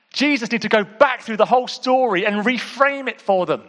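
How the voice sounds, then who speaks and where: In a big hall with a long echo trailing his words, a male preacher with a high, lifted voice talks to his congregation as if they were friends. His sermon moves briskly and conversationally, swinging from hushed, intimate near-whispers to emphatic exclamations, and he keeps calling out to the audience.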